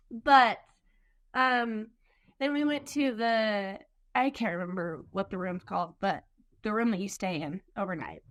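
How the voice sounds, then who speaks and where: A woman's voice: medium pitch, takes it slowly, long pauses. A young woman telling her own story as an interview guest. She talks earnestly, uses many "like" fillers, and acts out what others said. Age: young adult. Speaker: interview guest, birth mother.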